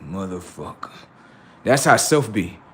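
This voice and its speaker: A man hosting a livestream, telling casual stories to his viewers in an animated way, swearing freely and acting out voices. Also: mid-range voice, normal speed. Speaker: livestream host.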